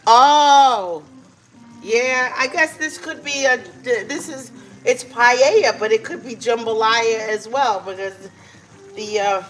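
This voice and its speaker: Slow-talking woman cooking live at home. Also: on the high side, steady tone, a bit bright, faint music behind, rough recording. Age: middle-aged. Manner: chatty, talks to viewers while cooking. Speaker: live-stream cooking host. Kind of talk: casual live cooking chat. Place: home kitchen.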